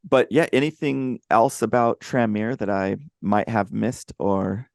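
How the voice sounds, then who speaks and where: A man hosting a casual podcast, playful and quick to laugh, often repeating words as he talks into a close microphone. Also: lowish voice, gravelly, a little mellow, dry recording. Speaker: podcast host.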